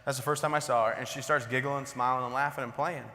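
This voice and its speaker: Male keynote speaker, 30s, tense bright tone, wry conversational storytelling, stage mic with long hall reverb. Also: medium pitch, steady tone, fast. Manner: joking, conversational, self-deprecating. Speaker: motivational speaker. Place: large conference hall.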